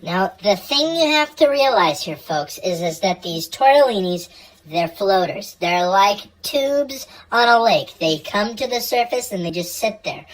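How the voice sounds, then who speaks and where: A woman's voice: medium pitch, expressive, measured pace, a little hiss or hum, poor audio. A woman hosting a casual comedic cooking video, rambling, joking and stumbling over her words. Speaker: cooking show host.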